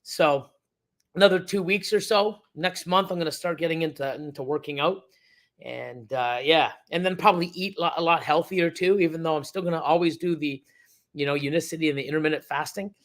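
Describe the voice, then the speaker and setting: A middle-aged man, a reptile breeder, hosts a casual livestream and reads the chat. He rambles with lots of fillers and restarts. His voice is fairly high and a bit bright, and he talks briskly.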